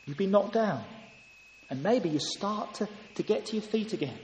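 A man's voice: high voice, animated, normal speed, a little mellow, a little hiss or hum. A man preaching a sermon in church, earnest and full of rhetorical questions. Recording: echoey hall, heard from a distance.

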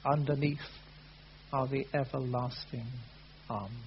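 A man's voice: medium pitch, fairly even intonation, measured pace. Earnest preacher man, lo-fi hum. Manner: earnest, swells loud then drops to soft. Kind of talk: sermon. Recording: dull lo-fi sound with faint hum.

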